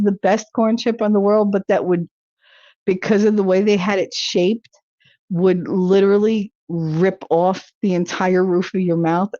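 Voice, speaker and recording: A woman's voice: medium pitch, darkish tone, no room sound. A chatty woman hosts a livestream and riffs loosely on viewer comments. She rambles from thought to thought and laughs easily. Her voice is close and dry, with a dull, lo-fi stream-audio sound. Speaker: livestream talk show host. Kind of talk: casual chat reacting to viewer comments.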